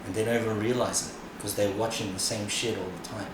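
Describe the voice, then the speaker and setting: In a casual podcast chat, a middle-aged Australian guest talks fairly quickly in a lowish voice with little pitch movement. He's frank, swears freely, and drops plenty of "you know"s, while the recording is noisy, distant-miked, and very echoey.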